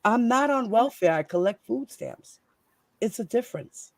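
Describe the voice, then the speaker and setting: A woman's voice: a little high, lively intonation, moderate pace, dry recording. A fired-up woman speaks straight into a dry, close mic. She rants in casual street talk, swears freely and keeps throwing out rhetorical questions. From New York. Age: 40s. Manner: fiery, profane, firing rhetorical questions. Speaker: host. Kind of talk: heated casual live-stream rant.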